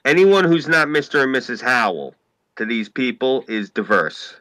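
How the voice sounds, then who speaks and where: A man's voice: medium pitch, sing-song, moderate pace, pushed and bright, no echo, poor audio. A man with a New York accent in casual podcast chat, rambling and emphatic, swearing freely and using "like" a lot. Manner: rambling, emphatic, profane, heavy use of "like".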